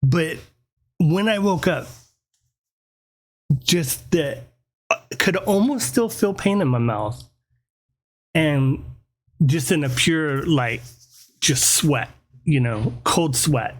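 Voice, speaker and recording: A man telling a personal story in a casual, animated way, swearing freely and often checking in with "right?". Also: on the high side, slow, long pauses. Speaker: podcast host.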